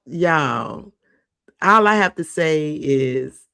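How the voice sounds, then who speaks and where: Gravelly chatty woman host. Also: deep voice, expressive, drawn-out words, sharp tone, no echo, clean studio sound. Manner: chatty and rambling, addresses viewers directly. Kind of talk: casual entertainment commentary.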